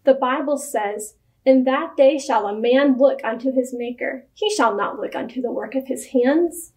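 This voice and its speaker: A woman voicing an earnest young male missionary who speaks calmly and plainly, in a church storybook reading. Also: sits high, normal speed, close to an everyday voice. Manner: calm and earnest.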